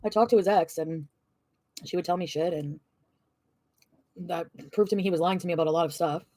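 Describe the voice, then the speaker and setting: A woman's voice: on the low side, a little fast, mellow, no room sound, clean studio sound. A woman vlogger venting and ranting, swearing often and rambling. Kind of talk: ranting vlog.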